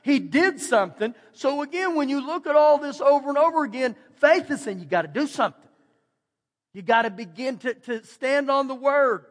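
A man's voice: very high-pitched, animated, moderate pace, big-room sound. A man preaching a sermon as pastor, in a conversational way that acts out the quoted voices. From Texas, USA. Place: church sanctuary.

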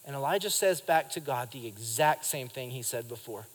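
A man's voice: mid-range voice, moderate pace. Man preaching in a reverberant church. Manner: lively preaching, acts out quotes and addresses the congregation. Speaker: pastor. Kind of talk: sermon. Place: church sanctuary during a live service.

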